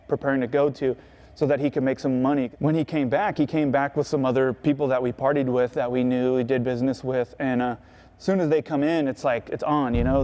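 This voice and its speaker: A man's voice: medium pitch, mellow. A man recounting his past in an interview, talking casually and profanely, with "right?" and "you know" all through. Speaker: skateboarder.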